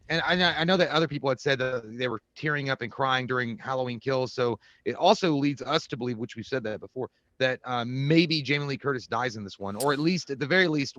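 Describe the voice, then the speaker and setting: A man's voice: medium pitch, a bit bright, no echo, lo-fi sound. A man co-hosting a casual podcast chat, cracking crude jokes between rambling points with many fillers. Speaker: podcast co-host.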